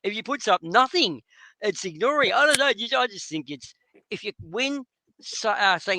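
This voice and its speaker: Man, high bright voice, rambling frank footy chat, dry close mic. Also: lively intonation, normal speed, no echo. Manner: rambling, frank, swears often. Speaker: podcast host. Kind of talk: casual chat.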